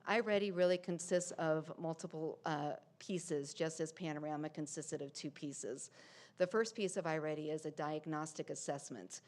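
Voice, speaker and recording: A woman with a notably low voice speaks at a school board meeting. She presents as district staff, steady and explanatory, with the odd filler as she goes. The delivery is formal and measured.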